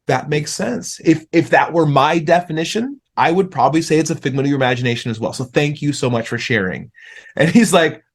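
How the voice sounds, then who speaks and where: A man guesting on a podcast, telling animated stories in a relaxed conversation, often restarting his sentences. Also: mid-range voice, moderate pace. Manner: animated storyteller, frequent restarts. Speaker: podcast guest, author and speaker. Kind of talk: casual interview conversation.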